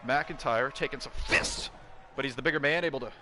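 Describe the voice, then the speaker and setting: Excitable man calling wrestling play-by-play. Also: mid-range voice, fairly quick, background noise. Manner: excitable, bursts into shouts at big moves. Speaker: wrestling game commentator. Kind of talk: play-by-play commentary of a video game.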